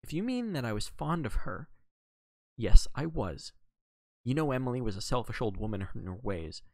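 A man reading a novel aloud, voicing a gruff, blunt middle-aged Englishwoman with a snappish, scornful manner. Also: mid-range voice, very animated, normal speed, a little mellow, dry recording. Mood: gruffly fond.

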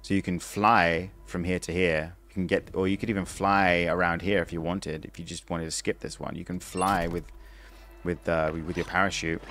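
A man's voice: low voice, flat delivery, moderate pace, a bit bright. A young man streaming a game live, chatting casually and explaining things step by step, with frequent restarts. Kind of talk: casual live gameplay commentary.

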